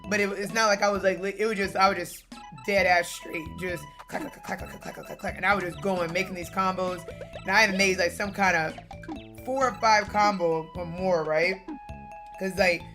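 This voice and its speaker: A young woman streaming games, telling a family story in a casual, animated way with bursts of laughter. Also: medium pitch, normal speed, music in the background. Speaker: gaming streamer.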